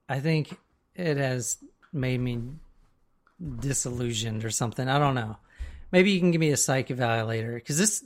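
A woman hosting a true crime podcast, chatting casually with friends and laughing often. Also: a bass voice. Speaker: podcast host, storyteller. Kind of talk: casual chat.

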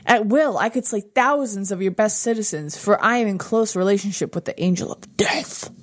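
A woman voicing a boastful male demon axe murderer, reading his letter slowly and menacingly in a mock British accent. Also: medium pitch, close to an everyday voice.

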